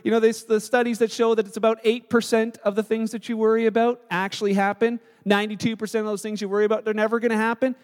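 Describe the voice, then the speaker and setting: A male pastor preaching a sermon in a relaxed, conversational storytelling way. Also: sits high, fast, hardly any pauses, in a large hall.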